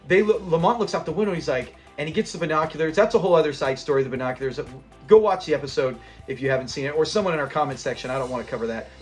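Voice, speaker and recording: Guy with a high voice chatting through a show recap, super animated, cracking up a lot. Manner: animated retelling, laughing often. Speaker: host of a show review channel. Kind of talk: casual episode review.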